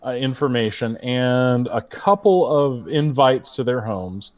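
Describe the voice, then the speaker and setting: A man's voice: mid-range voice, expressive, measured pace. A man running a tabletop game as game master, narrating with frequent laughter. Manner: giggly, amused narration.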